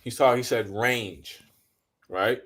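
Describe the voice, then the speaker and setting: A man's voice: medium pitch, takes it slowly, fairly bright tone, a little hiss or hum. Laid-back man telling a story. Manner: laid-back storytelling, laughs while talking. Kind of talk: casual chat.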